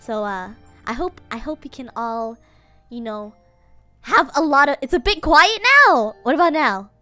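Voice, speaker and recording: A woman's voice: high voice, lively intonation, unhurried, sharp tone, no room sound, faint music behind. A young woman streaming from home at a desk microphone, chatting casually and in a bubbly, giggly way as she thanks her viewers. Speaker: VTuber streamer. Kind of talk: casual live-stream chat.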